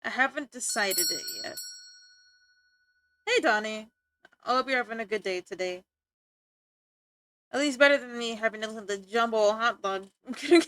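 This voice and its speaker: A woman's voice: fairly high pitch, normal speed, long pauses, fairly bright tone, dry recording. A young woman streamer chatting playfully with her viewers, teasing and giggling as she talks. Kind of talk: casual chat with stream viewers.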